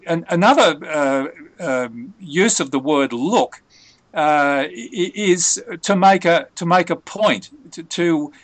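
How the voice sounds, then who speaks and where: A man with a slightly raised pitch explains phrasal verbs patiently, pausing often on fillers and restarting his sentences. His voice is recorded close and dry, with no room sound. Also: animated, no room sound. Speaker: English tutor. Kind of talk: conversational language lesson.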